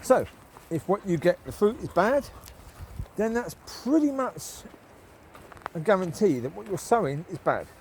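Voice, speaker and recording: A man's voice: high voice, big pitch swings, a little slow, a little mellow, a little hiss or hum, poor audio. A man giving a casual, rambling spoken devotion while walking his dogs outdoors, often adding tag questions for the listener. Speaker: lay Christian vlogger.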